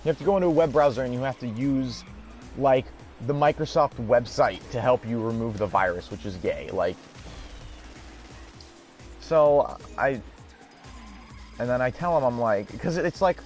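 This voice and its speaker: A man's voice: mid-range voice, animated, normal speed, long pauses, darkish tone, faint music behind. A man hosting a gaming video, telling a story in a rambling, exasperated way and swearing casually. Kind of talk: casual storytelling over gameplay.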